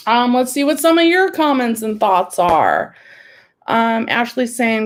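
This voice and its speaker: A woman's voice: on the high side, sing-song, measured pace. A woman hosting an emotional home livestream, rambling and frustrated, close to tears, talking into a computer mic. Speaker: livestream host. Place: home room.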